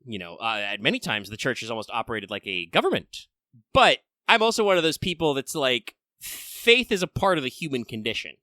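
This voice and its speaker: A man with a bright, forward voice co-hosts a podcast in loose, casual conversation. He thinks out loud, circling back with fillers and restarts, heard close and dry with no room sound. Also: medium pitch, sing-song, brisk, no echo. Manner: rambling, thinks aloud with many fillers and restarts. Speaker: podcast co-host.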